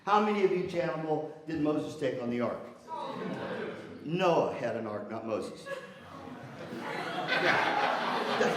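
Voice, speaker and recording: A man's voice: fairly high pitch, lively intonation, slow pace, long pauses, a loud crowd. An older man giving a playful motivational talk as guest speaker at a university, teasing the audience. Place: university hall. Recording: roomy hall from far off.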